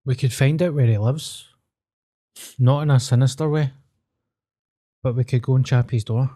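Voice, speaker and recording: A man's voice: mid-range voice, steady tone, normal speed, dark tone. A man chatting on a podcast with dry, understated humour. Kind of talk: casual podcast chat.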